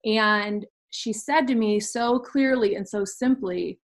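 A woman's voice: medium pitch, slow pace. A young woman in her twenties, a podcast guest candidly telling a personal story in an earnest way. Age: 20s.

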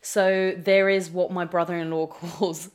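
A woman's voice: fairly low pitch, little pitch movement, a little slow. A woman, chatting about books in a self-deprecating, laughing way. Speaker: guest. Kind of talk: casual chat about books.

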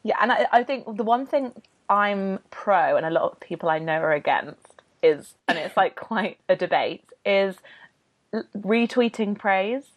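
A woman's voice: mid-range voice, expressive, a little slow. Upbeat young British woman hosting. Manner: enthusiastic, gushing, upbeat. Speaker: podcast host. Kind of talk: casual chat.

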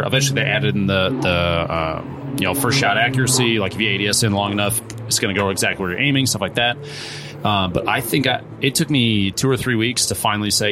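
A man with a somewhat low voice talks through an interview answer in a loose, animated way. He keeps restarting his sentences and acting out quotes as he goes. A faint noise floor sits under the recording. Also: fast talker. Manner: rambling, animated, many restarts and acted-out quotes. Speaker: pro streamer guest. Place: event venue.

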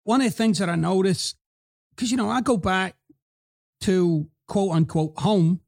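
A middle-aged man from Scotland with a Scottish accent softened by American speech, hosting a podcast in a blunt, profane, emphatic motivational monologue. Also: sits high, a little slow, gravelly. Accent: Scottish mixed with American. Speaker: podcast host.

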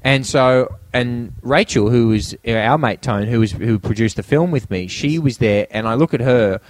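A man tells a story on a podcast, animated and playing all the parts himself. His voice sits at a middling pitch. The sound is dry and close. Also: moderate pace, no echo. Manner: animated storyteller acting out quotes. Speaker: podcast guest, filmmaker. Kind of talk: casual chat, anecdote telling.

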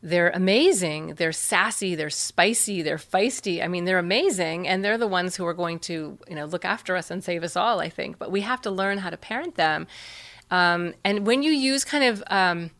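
A woman guest in an interview, explaining parenting techniques in an earnest, animated way and often acting out what kids and parents say. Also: fairly low pitch, normal speed.

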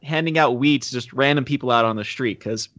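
A man's voice: medium pitch, fairly quick, fairly bright tone, no room sound. A man co-hosting a podcast, explaining film scenes in a wry, matter-of-fact way, on a dull, lo-fi mic. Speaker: podcast co-host. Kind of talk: casual film discussion.

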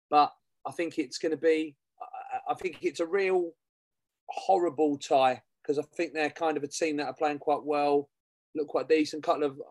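A man's voice: a little high, darkish tone, no echo. A man co-hosting a fan podcast, rambling in casual football chat and repeating himself. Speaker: podcast co-host.

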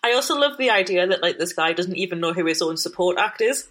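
A young woman co-hosts a casual podcast, teasing the show she is recapping. Her voice is low-pitched and husky, and she laughs often between her remarks. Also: lively intonation, fast, a bit bright. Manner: laughing, amused, mocking commentary. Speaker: podcast co-host. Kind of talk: casual chat recapping a TV episode.

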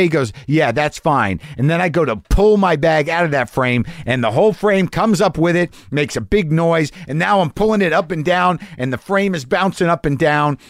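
A man's voice: fairly high pitch, dry recording, clean studio sound. A middle-aged man telling a long story in a casual monologue, ranting and swearing, mocking himself and acting out what people said. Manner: profane, ranting, self-deprecating, acts out quotes.

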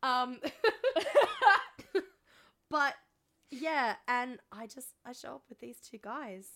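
A woman's voice: high-pitched, very slow, bright, forceful tone. A woman co-hosting a podcast, telling a story in casual chat, rambling with ums and swearing. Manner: rambling, frequent ums, swearing, self-mocking. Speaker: podcast co-host.

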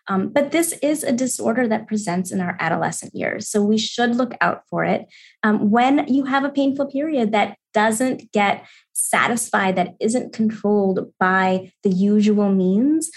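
Calm woman doctor explaining clearly. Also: mid-range voice. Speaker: adolescent medicine doctor, guest. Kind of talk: podcast interview.

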